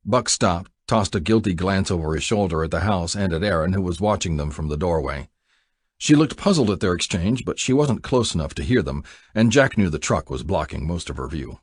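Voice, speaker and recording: Husky male narrator, deep voice, dry close read. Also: expressive, moderate pace, dry recording. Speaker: audiobook narrator. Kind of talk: scripted narration.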